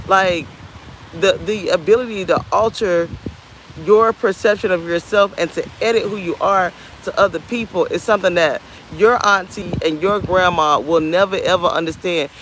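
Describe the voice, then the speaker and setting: A woman in her thirties talking candidly to camera outdoors, rambling and animated. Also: on the low side, a little hiss or hum, rough recording. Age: 30s. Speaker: vlogger. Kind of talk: casual talk to camera. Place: outdoors on a beach.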